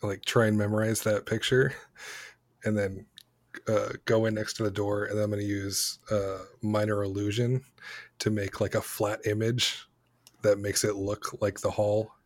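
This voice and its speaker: A man's voice: lowish voice, flat delivery, normal speed, no echo, studio quality. A man playing a tabletop game, describing his moves plainly. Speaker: player.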